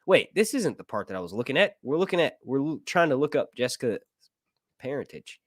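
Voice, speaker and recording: A man talks through a film review in a loose, swearing, jokey way, his pitch jumping up and down as he goes. He drifts into tangents and reads passages aloud between them. The sound is close and dry, with no room around it. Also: very animated, fairly quick, no echo. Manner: profane, rambling, jokey asides. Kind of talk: casual movie commentary, reading aloud.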